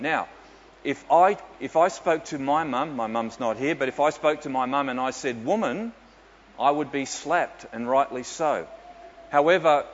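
A man's voice: mid-range voice, slight background noise. A man, a pastor telling stories with dry humour in a sermon. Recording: dull echoey hall with faint ambience.

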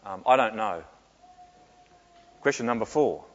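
A man's voice: on the low side, animated, measured pace. Man, pastor, sermon Q&A, reflective, long hall reverb, muffled sound. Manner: reflective, with frequent fillers and soft laughs.

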